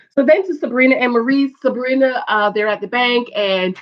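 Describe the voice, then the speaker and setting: A woman's voice: fairly high pitch, normal speed. A woman chatting through a TV episode recap, talking straight to her viewers with exclamations and asides. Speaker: TV episode reviewer. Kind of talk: casual recap chat. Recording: dull lo-fi sound.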